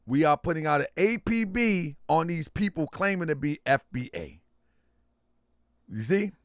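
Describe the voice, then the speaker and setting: A middle-aged man hosting a livestream and reading chat aloud, loud and teasing, laughing often. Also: on the high side, expressive, moderate pace, no room sound, studio quality. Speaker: livestream host.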